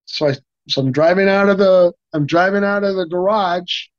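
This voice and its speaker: Older man telling profane stories, slightly high voice. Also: moderate pace, no echo. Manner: animated, profane, full of restarts and laughs. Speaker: interview guest, stuntman and actor. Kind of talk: casual storytelling interview. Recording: muffled, dry sound.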